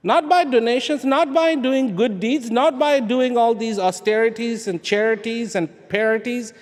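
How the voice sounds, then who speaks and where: A man giving a live spiritual talk to an audience, firing rhetorical questions and repeating key words, swinging between loud emphasis and hushed asides. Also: very high voice, normal speed, hardly any pauses. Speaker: speaker addressing an audience. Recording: long hall reverb.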